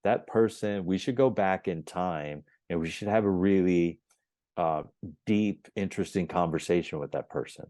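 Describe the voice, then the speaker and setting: A man on a podcast telling his story as the guest, animated, acting out the dialogue as he goes. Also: sits low, normal speed, no room sound, studio quality. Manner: emphatic and repetitive phrasing. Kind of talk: storytelling in an interview.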